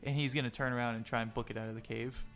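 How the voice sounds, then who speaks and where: Gravelly-voiced man running a tabletop game. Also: medium pitch, steady tone, very fast, fairly bright tone. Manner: casual, crude, filler-heavy. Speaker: game master. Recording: faint music behind.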